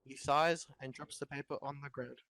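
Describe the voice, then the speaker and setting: A man's voice: medium pitch, fairly even intonation, moderate pace, sharp tone. A young man reading a film script aloud to friends over voice chat, with joking asides and laughs. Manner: reads with joking asides and laughs, half-hearted character voices.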